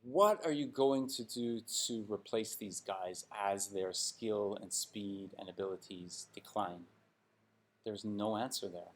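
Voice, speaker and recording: A man's voice: fairly low pitch, takes it slowly. A man giving blunt, sarcastic hockey commentary in an opinionated vlog rant.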